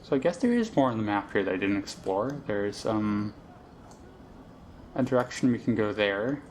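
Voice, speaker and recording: A man's voice: fairly low pitch, expressive, normal speed, a little mellow, a little hiss or hum. A man casually commentating a game he plays, rambling and thinking aloud with lots of fillers. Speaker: let's play host.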